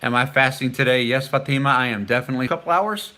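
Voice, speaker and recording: A middle-aged man talks on a casual live stream, chatting with viewers and reading their comments aloud. His voice sits at an average pitch with a bright, forward tone. He stumbles through foreign words, trying them slowly and haltingly.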